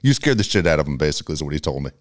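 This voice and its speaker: A man co-hosting a casual radio podcast, telling stories in a profane, animated way. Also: very deep voice, rapid-fire. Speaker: co-host.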